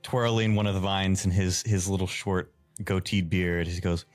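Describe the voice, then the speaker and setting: A man narrating as game master, describing scenes in a relaxed way with frequent ums. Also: low-pitched, normal speed, hardly any pauses, dry recording, faint music behind. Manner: relaxed, filler-heavy narration.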